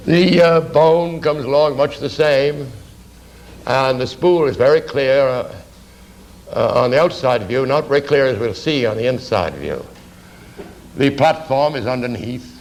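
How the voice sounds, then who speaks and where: A man's voice: mid-range voice, measured pace, slight background noise, rough recording. A man teaching anatomy for artists in a rambling, conversational lecture, full of fillers and asides. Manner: rambling, conversational, lots of fillers and "you see".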